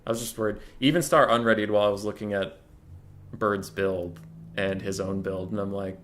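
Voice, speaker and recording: A young man streams a strategy tournament and talks the viewers through unit matchups in a casual, rambling way. His voice sits a bit low but has a bright, forward edge. Now and then he works himself up into a mock-furious rant. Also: steady tone, a little fast, a little hiss or hum. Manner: chatty, mock-furious rants with laughter. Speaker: competitive strategy game streamer. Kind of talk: casual live-stream commentary.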